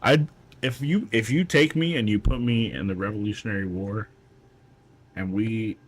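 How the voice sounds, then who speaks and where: Chill guy streamer, kinda low voice, rambling and cussing while he plays. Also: moderate pace, a little hiss or hum. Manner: rambling, profane, joking. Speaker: gaming streamer. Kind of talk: casual chat while playing.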